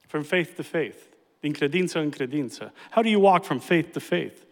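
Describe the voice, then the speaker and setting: A man's voice: a little high, animated, normal speed. A man pastor preaching a sermon, emphatic and repeating key phrases for effect. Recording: reverberant hall.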